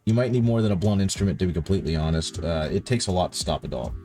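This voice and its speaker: A man's voice: low-pitched, lively intonation, rapid-fire, warm tone, faint music behind. A man chatting casually with stream viewers while painting, rambling and correcting himself, sounding tired. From countryside upbringing. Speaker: livestream host painting miniatures.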